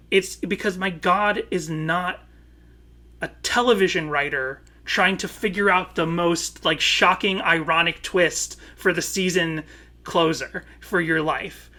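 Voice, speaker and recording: A man's voice: sits high, pushed and bright. A man co-hosting a podcast, talking with passion and swearing freely in a long casual monologue. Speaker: podcast co-host.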